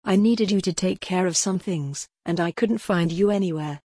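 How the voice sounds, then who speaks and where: A woman's voice: fairly low pitch, moderate pace, warm tone, husky, no room sound, studio quality. A woman voicing a stern, bossy woman in a storybook, scolding and firm.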